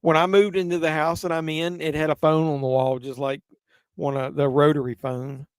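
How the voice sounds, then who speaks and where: A man's voice: on the high side, little pitch movement, normal speed, smooth, dry recording, studio quality. A man hosting a live stream, tipsy from drinking, chatting casually and profanely with viewers while watching a movie. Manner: rambling, profane, answers chat messages.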